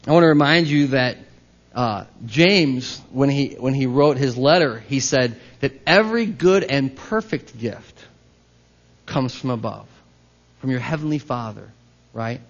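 A man's voice: mid-range voice, measured pace, highs cut off. A man preaching a sermon as pastor, talking in a conversational way and putting questions to the congregation.

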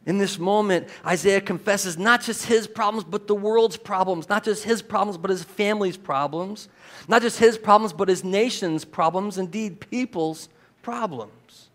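A man preaching a sermon as a pastor, emphatic and animated, with rhetorical questions to the congregation. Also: high voice, normal speed.

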